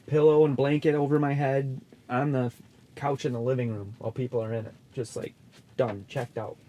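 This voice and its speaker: A man's voice: mid-range voice, steady tone, brisk, warm tone. A young man co-hosting a podcast, rambling in laid-back casual chat from an ice fishing shelter. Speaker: podcast co-host.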